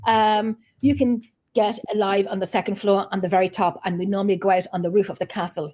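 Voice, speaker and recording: A woman's voice: mid-range voice, level tone, fast, darkish tone. A woman who founded a paranormal investigation group, chatting as a guest and rambling with frequent ums and restarts. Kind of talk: casual chat.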